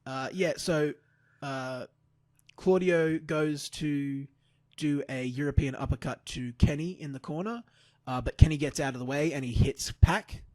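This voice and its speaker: A man's voice: fairly high pitch, a little slow, darkish tone, no echo. A man co-hosting a casual podcast, recapping matches in a rambling, play-by-play way with lots of fillers. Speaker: podcast co-host. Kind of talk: casual wrestling recap chat.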